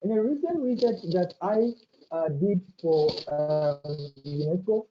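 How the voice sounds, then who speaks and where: A woman, speaking as a panelist in an academic webinar, talking in a measured, deliberate way and using anecdotes to make her points. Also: fairly low pitch, lively intonation, slight background noise. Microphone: video call. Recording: dull lo-fi video call audio.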